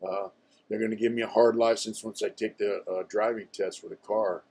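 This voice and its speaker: An older man with a lowish voice tells his own story in a relaxed, offhand way. He talks bluntly and swears here and there. He keeps dropping "you know" between his phrases. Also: brisk, husky. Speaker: channel host telling his own story. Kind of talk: casual storytelling to camera.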